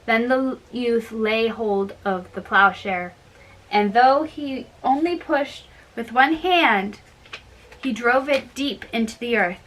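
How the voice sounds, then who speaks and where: Brief: woman storyteller, slow careful read, bright tone, higher pitch. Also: low-quality recording. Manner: slow, careful reading with small slips. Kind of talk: fairy tale read aloud.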